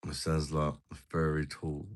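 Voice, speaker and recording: A man's voice: rumbling low, monotone, normal speed. A man hosting a casual beer-review live stream, bantering and swearing with viewers.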